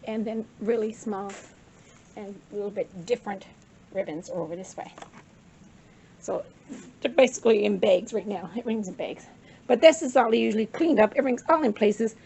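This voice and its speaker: An older woman, a craft vlogger, gives a chatty, rambling show-and-tell of her craft supplies, a bit out of breath and correcting herself along the way. Her mid-range voice is brisk and dark, with frequent pauses, on a low-quality recording with slight background noise.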